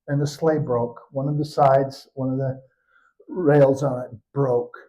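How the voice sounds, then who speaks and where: An older man telling stories at a live show, lively and expressive, with a middling pitch for a man. He shifts his delivery to keep the story moving. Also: takes it slowly, rough recording. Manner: animated, expressive narration.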